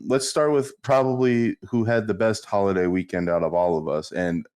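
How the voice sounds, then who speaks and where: A man's voice: fairly low pitch, steady tone, normal speed, a little mellow, clean tone. A man co-hosting a podcast, crude and joking, telling stories with put-on voices. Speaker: podcast co-host. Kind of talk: casual comedic chat.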